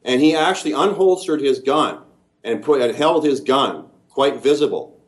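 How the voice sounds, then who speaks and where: A man's voice: mid-range voice, animated, moderate pace. A Canadian man giving a long, detailed, earnest first-person account in an interview. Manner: earnest, detailed, methodical storytelling.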